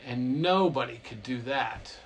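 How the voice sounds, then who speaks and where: Slow, animated, goofy man storyteller. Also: mid-range voice, a little hiss or hum, rough recording. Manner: playful, animated, lots of silly voices.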